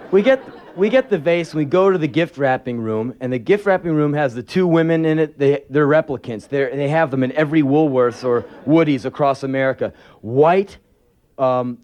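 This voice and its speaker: Male spoken word performer, raised pitch, wildly lively delivery, sarcastic and profane. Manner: profane, sarcastic, animated anecdotes. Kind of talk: live spoken word storytelling. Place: live performance venue.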